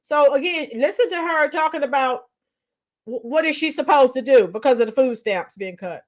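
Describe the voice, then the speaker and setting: Her voice is high-pitched and moves at a moderate pace as she hosts a livestream full of opinionated takes. Blunt and lively, she laughs frequently and talks back to chat members by name while reading their messages.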